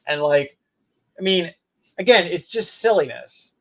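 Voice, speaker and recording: A man with a fairly high voice tells a self-deprecating story in relaxed podcast chat. He often trails off into quiet asides and keeps a loose, conversational pace. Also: measured pace, gravelly. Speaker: podcast co-host. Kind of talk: casual chat.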